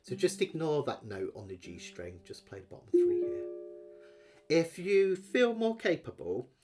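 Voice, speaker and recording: A man's voice: fairly high pitch, wildly swooping pitch, measured pace, a little mellow, faint music behind. A man teaching a live online ukulele lesson, chatty and encouraging, sometimes singing along as he plays. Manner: encouraging, chatty, sings along while playing. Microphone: webcam with close-up camera angle. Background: ukulele playing.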